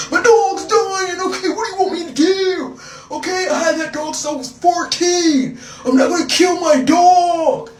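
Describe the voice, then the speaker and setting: Woman doing a frantic boyfriend, shouting, high strained voice, echoey room, distant mic. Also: drawn-out words, pauses often, a little hiss or hum, heavily acted. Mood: frantic, anguished. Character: distraught man shouting about his dying dog.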